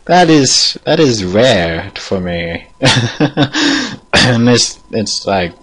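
A man's voice: medium pitch, huge pitch swings, drawn-out words, fairly bright tone, breathy edge. A man giving casual, rambling gameplay commentary, self-deprecating and chuckling often. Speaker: gaming video creator.

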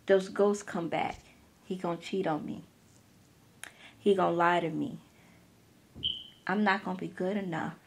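A woman who is an author, giving an animated, conversational motivational talk full of slang and playful asides. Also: on the low side, a little slow, creaky, pauses often.

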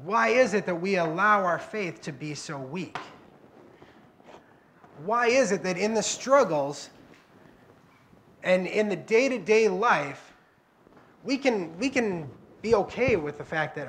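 A man's voice: high voice, animated, takes it slowly, pauses often, a bit bright, a little hiss or hum. Conversational man preaching a sermon. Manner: conversational, acts out quoted prayers and dialogue. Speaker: guest preacher. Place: church.

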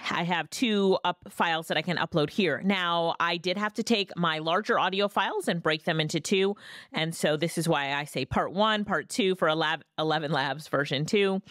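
A woman hosting a casual software tutorial, chatty and lively, recorded on a studio microphone. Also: fairly low pitch, moderate pace, no echo. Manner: chatty, lively ups and downs. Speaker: tutorial host. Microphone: studio dynamic mic.

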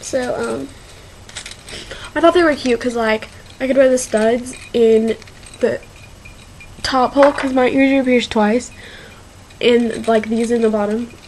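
A woman's voice: on the high side, steady tone, a little mellow, slight background noise, poor audio. A young woman in her teens rambling through a casual shopping haul video, with lots of fillers and y'all. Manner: slow, rambling, filler-heavy, says y'all. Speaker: vlogger.

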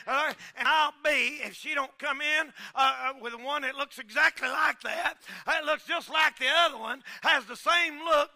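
A man preaching a folksy sermon as pastor, swinging between shouted lines and quiet asides. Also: very high voice.

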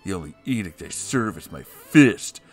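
A man voicing a macho, vengeful cartoon tomcat in a gruff, mock-heroic manner. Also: deep voice, expressive, normal speed, faint music behind. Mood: angry.

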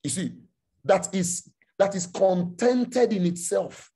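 A man preaching a sermon, repeating his phrases and asking the listeners rhetorical questions, at times rising to a shout. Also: high voice, lively intonation, takes it slowly, husky.

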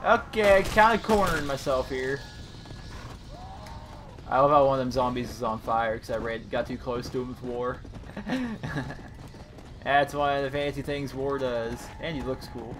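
A young man narrates his gameplay in a loose, jokey way and often bursts into excited shouts. His voice sits at an ordinary pitch for a man. Loud game sounds and horse hooves play clearly behind him. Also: a little slow, long pauses, noisy background. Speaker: gaming commentator. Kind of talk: casual let's-play commentary.

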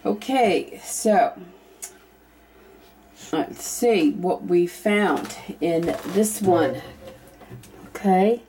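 A young woman chatting casually through an unboxing vlog, thinking aloud and at times breaking into excited squeals. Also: lowish voice, drawn-out words, pauses often, slight background noise. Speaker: YouTube vlogger.

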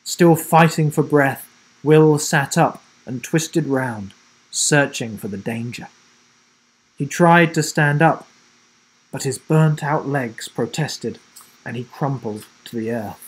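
A man reading a children's adventure story aloud, with dramatic delivery that drops low and soft for suspense. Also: slow pace, husky, poor audio. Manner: self-corrects and rereads slips. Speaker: storybook reader.

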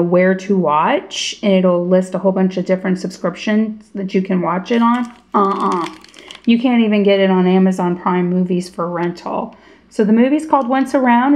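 A woman's voice: medium pitch, a little mellow. Chatty woman vlogging in an echoey room. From United States. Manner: chatty and storytelling, acts out quoted dialogue. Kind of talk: casual vlog chat. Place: indoors at home in front of a window.

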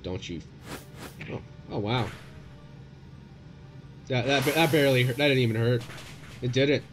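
A young man commentating his own gameplay, excitable and profane, yelling at the game in bursts. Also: mid-range voice, unhurried. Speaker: gaming YouTuber. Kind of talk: let's play commentary. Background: game music.

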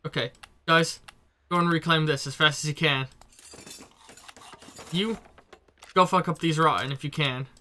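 A man with a stuffy cold giving casual, excitable commentary while playing a game. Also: a little high, a little slow, pauses often. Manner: chatty, swearing, excitable reactions. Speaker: let's play streamer. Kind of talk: gameplay commentary.

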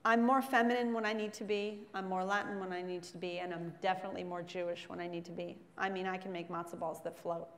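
A woman's voice: on the low side, flat delivery, fast, hardly any pauses. A middle-aged woman, a chef giving a frank, joking guest lecture to students in a large hall. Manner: joking, frank, self-mocking asides. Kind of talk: candid motivational talk to students. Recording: long hall reverb.

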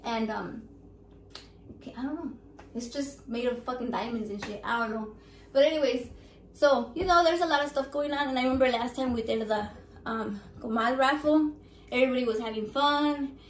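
A raffle-running vlogger, this woman speaks at normal speed in a voice on the high side. Loud, playful and profane, she mixes Spanish into her English during a casual chat recorded in an echoey room with faint background noise.

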